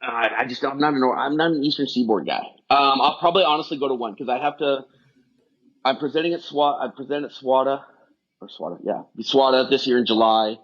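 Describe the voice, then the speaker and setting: A man's voice: mid-range voice, brisk, fairly bright tone. A man talking as a podcast guest, telling loose, rambling stories with lots of fillers. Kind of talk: casual chat. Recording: dull lo-fi sound.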